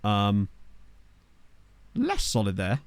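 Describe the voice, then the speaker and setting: Fast-talking british guy streaming a football manager game, bouncy lively voice, dry close mic, chatty with his viewers. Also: lowish voice, dry recording. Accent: neutral British English. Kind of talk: casual live-stream chat. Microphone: desktop USB microphone.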